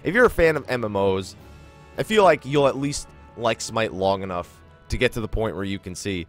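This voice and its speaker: A man's voice: on the low side, lively intonation, normal speed, faint music behind. A man giving casual let's play commentary, chatty and rambling, laughing often. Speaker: gaming YouTuber.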